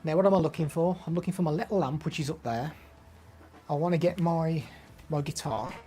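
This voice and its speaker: Faint music plays behind a young man with an English Midlands accent as he demos microphones on a live stream. He chats casually, reading out viewer names and answering each, his voice fairly high-pitched, a little fast and warm.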